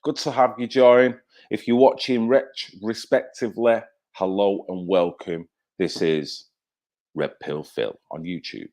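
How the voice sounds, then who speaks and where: A man's voice: fairly low pitch, measured pace, darkish tone. A man hosting a casual livestream, chatting loosely, swearing freely and greeting viewers by name as he reads their comments. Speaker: livestream host.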